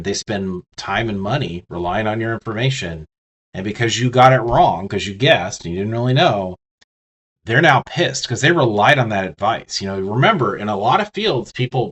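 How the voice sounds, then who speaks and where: Here a man with a mid-pitched, slightly rough and somewhat bright voice is fighting the hiccups. He's running an easygoing business communication lecture, speaking directly to listeners, full of restarts and verbal fillers.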